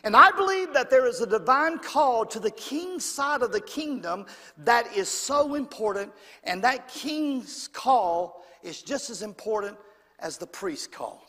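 High voice preacher man, keeps asking for amens, big echoey church. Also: animated, measured pace, sharp tone. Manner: call-and-response, demanding amens. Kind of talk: sermon. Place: church sanctuary. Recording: long church reverb.

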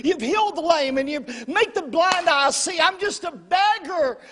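A man voicing a desperate blind beggar who shouts and pleads for mercy. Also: extremely high pitch, expressive, normal speed, long reverb tail, background noise, voice pushed up. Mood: pleading, shouting.

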